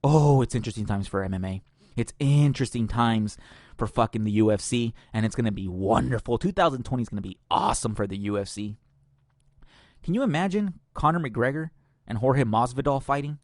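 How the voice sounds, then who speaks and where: A man's voice: mid-range voice, fairly quick, darkish tone, no echo, clean studio sound. Profane, opinionated male podcast host. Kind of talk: casual podcast commentary.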